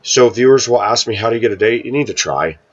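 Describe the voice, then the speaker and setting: A man talking casually to his viewers, telling a rambling personal story and often clearing his throat. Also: medium pitch, animated, fast talker, muffled recording. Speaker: vlogger. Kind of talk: casual monologue to camera.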